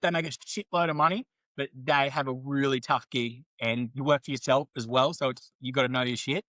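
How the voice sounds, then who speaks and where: A man's voice: mid-range voice, steady tone, a little fast, fairly bright tone, no echo, low-quality recording. A man, a podcast guest telling his career story candidly, swearing and acting out the people he quotes. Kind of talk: casual storytelling interview.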